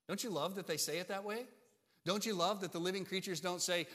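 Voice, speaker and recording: A man preaches a sermon with an emphatic delivery and keeps asking his listeners "right?". His voice sits fairly high. The sound carries a long reverb, as in a church sanctuary. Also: brisk, a bit bright. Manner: emphatic, asks the congregation "right?". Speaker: pastor.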